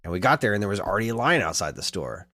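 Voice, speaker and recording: A man in his thirties co-hosting a podcast, telling a long story in casual chat and getting animated as he retells it. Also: lowish voice, racing, a little hiss or hum. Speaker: podcast co-host.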